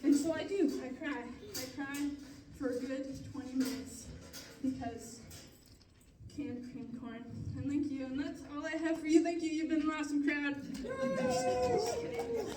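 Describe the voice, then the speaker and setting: High-voiced woman rambling through stand-up. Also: steady tone, moderate pace, roomy sound, distant mic. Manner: rambling, self-deprecating storytelling with frequent laughs. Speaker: stand-up comedian. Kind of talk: stand-up comedy set.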